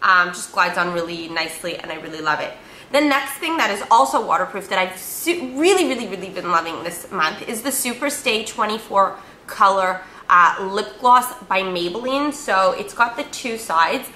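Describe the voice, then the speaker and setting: A woman's voice: mid-range voice, animated, moderate pace, bright, forceful tone, reverberant, slight background noise. A woman beauty vlogger chatting casually through a product review, upbeat and full of fillers and repeated words.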